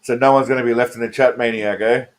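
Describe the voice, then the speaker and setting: A man's voice: medium pitch, steady tone, fast talker. Joking Australian man chatting on stream. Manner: joking, rambling, talks to chatters by name. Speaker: streamer reacting to trailers with his live chat. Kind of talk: casual live-stream chat.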